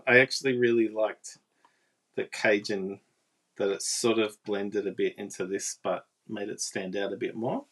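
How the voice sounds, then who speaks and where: Very low-voiced woman demonstrating crafts. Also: steady tone, normal speed. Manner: chatty, talks with viewers. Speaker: papercraft demonstrator. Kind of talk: casual live craft demonstration.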